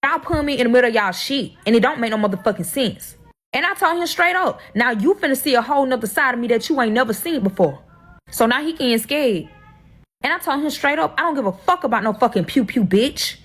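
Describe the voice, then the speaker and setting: A woman's voice: on the high side, lively intonation, fast, a bit bright. A woman telling her own drama story in a heated, profane, emotional storytime vlog.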